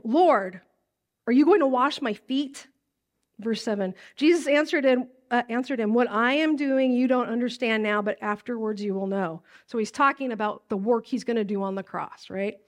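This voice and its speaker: A woman pastor teaching a sermon from scripture in a casual way, acting out lines in a livelier voice. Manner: casual, animated, acts out lines in a high voice.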